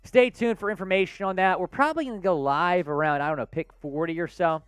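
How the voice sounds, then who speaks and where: A man's voice: sits high, quick pace, fairly bright tone, smooth, dry recording. A man hosting a live sports talk stream, answering viewers' chat comments by name in an upbeat, conversational way. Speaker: sports show host.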